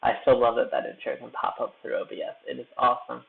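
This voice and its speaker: Gravelly young man on a tinny stream. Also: mid-range voice, fast. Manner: relaxed, rambling, self-deprecating. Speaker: YouTube creator live-streaming. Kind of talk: casual live-stream chat. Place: hotel room. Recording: tinny phone-like audio.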